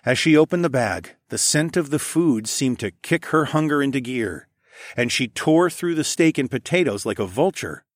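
A man narrating a first-person audiobook in a steady, even storytelling manner. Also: medium pitch, moderate pace, no room sound, clean studio sound.

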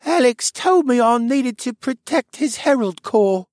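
A man's voice: very high voice, lively intonation, measured pace, no echo, clean studio sound, voice pushed up. A dreamy sleepwalking boy. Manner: soft dreamy murmur.

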